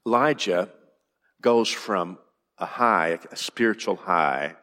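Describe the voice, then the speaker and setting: A man's voice: low voice, lively intonation, takes it slowly, pushed and bright, big-room sound. A man preaching a sermon with earnest emphasis, often repeating words and dropping to a near-whisper for effect. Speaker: pastor.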